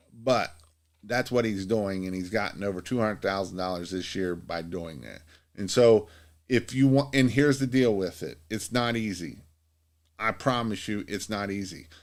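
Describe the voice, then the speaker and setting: A man giving casual business advice on a live stream, rambling and repetitive, with many fillers and restarts, urging listeners on. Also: fairly low pitch. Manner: earnest, pep-talk urging. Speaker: Christmas light business owner giving advice.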